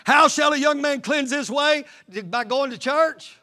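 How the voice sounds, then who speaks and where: A man's voice: extremely high pitch, unhurried, sharp tone. A man preaching a fervent sermon as pastor, repeating lines and calling out to the congregation. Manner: fervent, repetitive call-and-response preaching.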